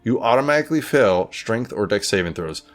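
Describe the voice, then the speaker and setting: A man running a tabletop game as game master, animated and playful, swearing when rolls go badly. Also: on the low side, brisk.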